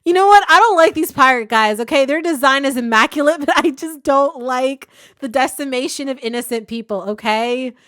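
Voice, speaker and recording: A young woman hosting a comic reaction video, talking casually, swearing and shouting at the story, then calmly giving advice on writing characters. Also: high voice, moderate pace, few pauses, no room sound, studio quality. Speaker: webcomic reaction host.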